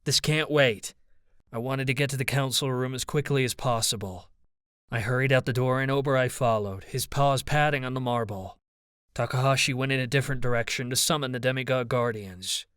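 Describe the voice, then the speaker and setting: A man narrating an audiobook in the first person, with a steady, even storytelling delivery. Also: mid-range voice, fairly quick, smooth, dry recording, studio quality.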